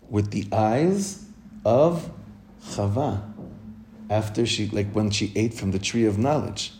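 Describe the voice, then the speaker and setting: Earnest mellow-voiced rabbi teaching. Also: male voice, medium pitch, slight background noise. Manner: asks the listeners questions, then answers them; heartfelt, repeats phrases for emphasis. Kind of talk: Torah class for women.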